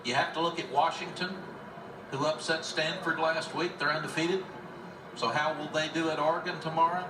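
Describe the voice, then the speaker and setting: Chatty higher-voiced color commentator. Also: male voice, fairly even intonation, normal speed, recorded from a distance, noisy background. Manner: chatty, appreciative analysis. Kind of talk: live game commentary. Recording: roomy broadcast audio with music.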